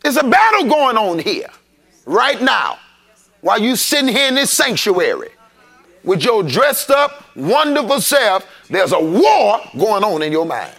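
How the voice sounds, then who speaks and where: A man preaching a sermon, calling out to the congregation and rising into shouts. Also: sits high, sing-song, unhurried, gravelly. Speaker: pastor. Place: church sanctuary.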